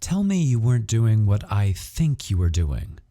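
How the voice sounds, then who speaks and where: Brief: man doing a scolding Aussie gal pal, warm and animated, for an audiobook. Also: on the low side, a little slow, pitched above the performer's own voice. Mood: teasing. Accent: Australian. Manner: teasing, blunt, scolding. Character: teasing blunt Australian woman, the hero's old friend. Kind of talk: audiobook character voice.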